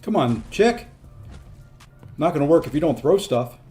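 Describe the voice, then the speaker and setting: A man's voice: fairly high pitch, lively intonation, moderate pace, warm tone, husky, faint music behind. A man streaming a mobile fighting game, talking to himself and his chat in a rueful, easygoing way. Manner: rueful, self-talking, coaxing the opponent. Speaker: gaming streamer. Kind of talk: casual gameplay commentary.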